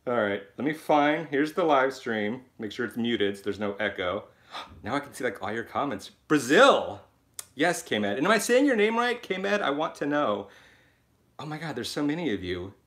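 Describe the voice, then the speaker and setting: A young man hosting his first live stream from his phone, chatty and excitable, laughing often as he reads out viewer comments. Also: medium pitch, moderate pace. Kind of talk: casual live-stream chat.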